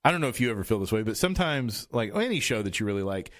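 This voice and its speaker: A podcast host in a radio studio runs a casual chat show, his fairly low, a bit bright voice very animated and racing. He rambles, trails off, and restarts his sentences often.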